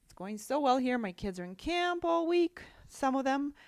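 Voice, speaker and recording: A woman's voice: high-pitched, sing-song, moderate pace, no room sound. Woman podcast host, casual and rambling, self-correcting, recorded close and dry. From Russia. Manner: chatty, with many restarts and rhetorical "right?". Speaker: podcast host and life coach. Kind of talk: solo podcast talk.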